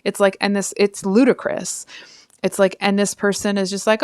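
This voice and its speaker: A woman's voice: medium pitch, flat delivery, normal speed, smooth, no echo, studio quality. A woman giving a casual, frank tarot reading straight to her viewers, chatty and full of asides. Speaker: tarot reader.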